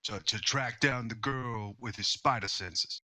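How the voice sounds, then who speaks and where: A man playing a tabletop game in a jokey, animated way. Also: medium pitch, a little slow, dry recording, clean studio sound. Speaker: player. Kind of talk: casual tabletop play.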